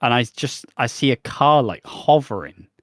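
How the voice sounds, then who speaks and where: A man chats on a podcast, spinning a loose, stop-start story and slipping into the voices of the people in it. His voice sits at an everyday middle pitch. The sound is dry and close. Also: animated, moderate pace, no room sound. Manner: rambling storyteller, acts out dialogue with restarts. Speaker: podcast co-host. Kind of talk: casual podcast chat.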